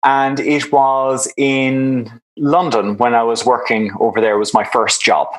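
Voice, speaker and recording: A man in his fifties with an Irish accent, telling his story as an interview guest in a measured way. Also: medium pitch, flat delivery, low-quality recording. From Ireland. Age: 50s. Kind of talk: conversational interview.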